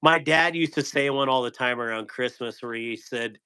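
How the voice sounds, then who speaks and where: A man's voice: mid-range voice, steady tone, moderate pace, hardly any pauses, bright, forceful tone, clean tone. A man hosting a casual live stream, rambling loosely and telling corny jokes to his viewers.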